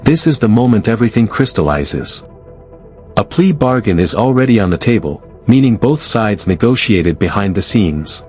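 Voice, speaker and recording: A man's voice: lowish voice, sing-song, moderate pace, darkish tone, soft background music. A man giving scripted narration over court footage, dramatic and building suspense.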